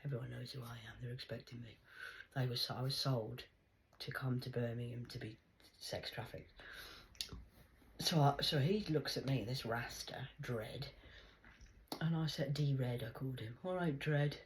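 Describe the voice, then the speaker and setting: A middle-aged Englishwoman talks straight to camera in a loose, rambling monologue. Her delivery is blunt and salty, full of swearing. She drops into lively put-on voices when she quotes people. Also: a bass voice, a little slow, long pauses, slight background noise, poor audio. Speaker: vlogger. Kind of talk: casual monologue storytelling.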